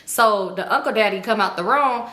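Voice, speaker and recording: Brief: young woman vlogger, bright tone, animated and slangy storytelling, echoey room. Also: moderate pace. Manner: animated, acts out quotes with big pitch jumps; profane, slangy. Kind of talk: casual storytelling.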